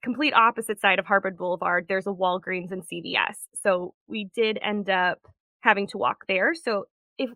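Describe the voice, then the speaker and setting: Young woman guest, bright, dry-sounding voice, chatty storyteller. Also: mid-range voice, moderate pace, no room sound. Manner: chatty storytelling with frequent laughs. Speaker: podcast guest. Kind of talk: casual chat.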